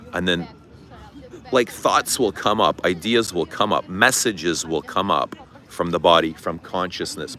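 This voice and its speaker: Deep-voiced man, candid livestream chat. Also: a bit bright. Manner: candid, confessional, swears casually. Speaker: livestream host. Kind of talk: casual livestream chat reading comments. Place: outdoors. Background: traffic noise.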